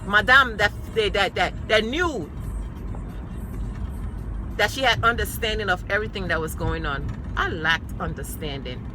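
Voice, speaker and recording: A woman's voice: medium pitch, measured pace, background noise. A woman sharing her personal testimony with emphatic, repeated declarations, speaking of her faith and her sons. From New York.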